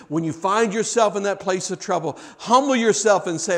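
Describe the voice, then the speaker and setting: A man preaching a sermon, swinging from hushed, reflective stretches to loud, impassioned ones. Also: high-pitched, normal speed, hardly any pauses.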